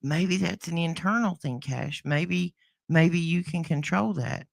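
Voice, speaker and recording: A woman's voice: on the low side, a little slow, creaky. Folksy Southern woman co-host. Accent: Southern American. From American South. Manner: folksy, playful, says y'all a lot. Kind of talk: casual chat.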